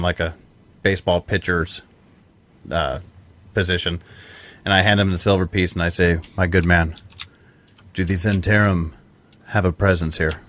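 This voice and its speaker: A man describing his character's actions in a relaxed way while playing a tabletop game. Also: deep voice. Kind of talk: casual game chat.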